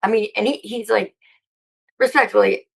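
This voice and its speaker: A woman with a gravelly, fry-laced voice chats in an interview. She talks in a rambling, excitable way and swears often. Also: mid-range voice, moderate pace, poor audio. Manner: excitable, profane, rambling with frequent laughs. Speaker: interview guest. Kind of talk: casual interview chat.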